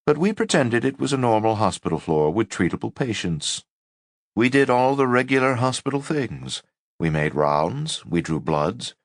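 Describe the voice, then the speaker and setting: A man reading a first-person memoir as an audiobook in a measured, wry way. His voice is low and moves widely in pitch. The recording is dry and close. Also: dry recording. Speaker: audiobook narrator.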